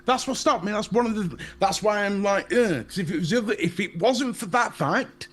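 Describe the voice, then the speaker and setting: A man's voice: high-pitched, brisk, fairly bright tone. A man with a Northern English accent co-hosting a casual live chat show, ranting bluntly and swearing, laughing at his own jokes. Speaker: podcast co-host.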